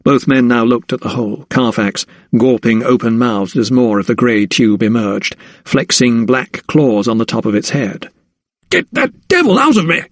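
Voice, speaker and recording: A man narrating an audiobook in a measured storytelling manner. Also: medium pitch, fairly even intonation, no room sound, studio quality. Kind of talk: scripted narration.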